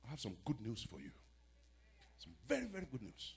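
A man preaching a sermon, swinging between hushed storytelling and shouted exhortation. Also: medium pitch, wildly swooping pitch, fairly quick, slightly rough. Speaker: pastor.

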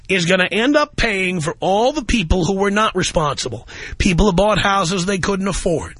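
A man's voice: high-pitched, animated, normal speed, a bit bright, slightly rough, no echo. A man hosting a talk radio show, ranting in an angry, emphatic way from a studio microphone.

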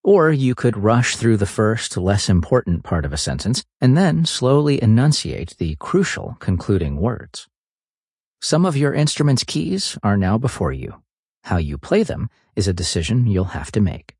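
A man reading a scripted book summary in an expressive, varied narration. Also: on the low side, normal speed, husky, dry recording, clean studio sound.

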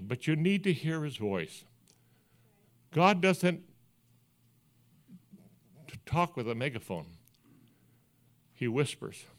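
An older man, a pastor, giving a sermon, telling stories in an earnest, folksy way that drops to hushed, quiet passages. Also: on the high side. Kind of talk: sermon storytelling.

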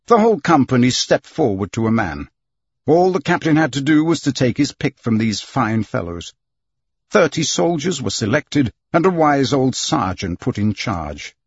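A man narrating an audiobook in a steady, expressive reading. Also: mid-range voice, moderate pace, slightly rough, no room sound, lo-fi sound. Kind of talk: scripted narration.

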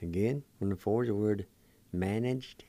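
A man's voice: on the low side, moderate pace, mellow, no echo. A man hosting a radio language lesson, patiently spelling words out syllable by syllable and encouraging his listeners to practice. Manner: encouraging toward learners. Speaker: radio host teaching Cherokee words.

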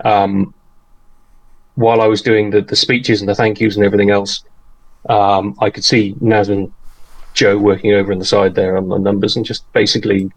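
A man co-hosting a casual podcast, talking in a halting way that repeats words, with polite, formal phrasing. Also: lowish voice, flat delivery, poor audio. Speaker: podcast co-host and charity tournament organiser.

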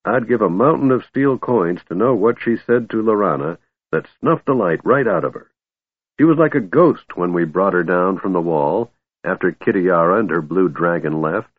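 A man voicing a gruff, snappish old male dwarf in an audiobook, proud and grumbling. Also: deep voice, lively intonation, normal speed, no echo, phone-quality sound. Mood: bitter.

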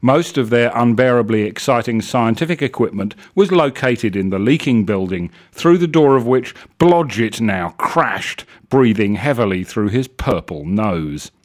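A man reading a comic story aloud on a live show in a wry, lively way. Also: medium pitch, measured pace, few pauses. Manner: lively, wry, self-correcting.

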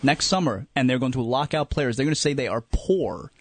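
A man's voice: medium pitch, animated, a little fast, breathy edge, no echo. A man co-hosting a sports radio show, ranting with indignant energy. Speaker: radio co-host. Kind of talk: radio talk show banter. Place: radio studio.

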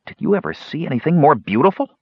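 Guy doing a frantic high-voiced kender, small and impulsive, big swings in his voice, dry audiobook. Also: wildly swooping pitch, normal speed, breathy edge, no echo, full character voice. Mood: awed. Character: excitable, impulsive small male kender adventurer. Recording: dull lo-fi audiobook recording.

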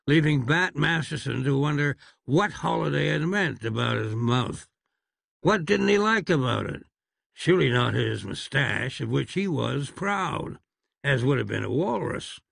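A man's voice: on the high side, lively intonation, unhurried, gravelly, fairly bright tone, no echo. A man narrating an audiobook in a wry, dryly amused manner.

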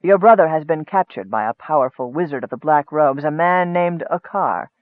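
A man voicing a sinister, frail male wizard who speaks softly with a hiss and a calm sneer. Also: a little high, normal speed, no room sound, lightly acted. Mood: dark. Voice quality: soft hissing voice. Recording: tinny phone-like dry sound.

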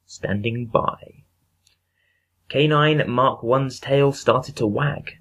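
A man reads a passage from a book in a slow, measured, deadpan delivery, pausing between lists of single words. His voice sits fairly low and has a gravelly, husky grain to it. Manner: slow, halting, deadpan reading of word lists. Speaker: guest reader. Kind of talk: reading a book passage aloud, unrehearsed.

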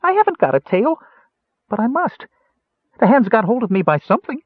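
A man voicing a kender who has turned into a small white mouse, with a high, squeaky, excited voice. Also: a little fast, dry recording, heavily acted. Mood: panicked. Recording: tinny phone-like sound.

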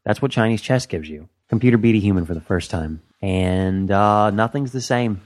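A man's voice: on the low side, moderate pace, noisy background. A man hosting a casual comedy podcast, teasing and laughing often. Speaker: podcast host.

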